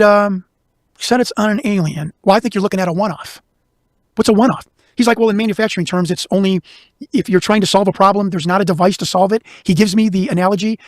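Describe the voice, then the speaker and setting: A man from Chicago, a guest investigator, telling a long story in casual conversation, talking quickly with lots of restarts. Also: high voice, dry recording, studio quality. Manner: fast, animated, talks over himself with restarts.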